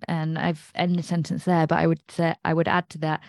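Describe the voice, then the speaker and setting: A woman's voice: deep voice, flat delivery, fairly quick, vocal fry, few pauses, no room sound, studio quality. An English woman hosting an astrology podcast, talking in a chatty, digressive way and laughing at herself. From England. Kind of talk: casual rambling monologue.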